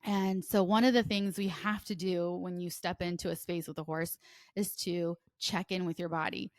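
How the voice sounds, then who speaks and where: A woman co-hosting a casual podcast, talking fast and nervously with many fillers and restarts. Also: lowish voice, steady tone, no echo, studio quality. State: nervous and sweaty. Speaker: podcast co-host.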